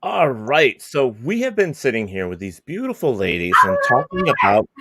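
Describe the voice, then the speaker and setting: A man hosts a casual talk radio stream, reading out chat questions and steering the guests. His pitch moves a lot within each sentence. The sound is dry and close. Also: fairly bright tone, no echo. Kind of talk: casual live-stream hosting.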